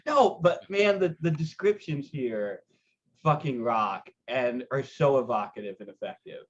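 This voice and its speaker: A man's voice: medium pitch, expressive, measured pace, highs cut off. A man hosting an online reading series, enthusiastic and swearing freely as he praises a reader. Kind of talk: casual chat.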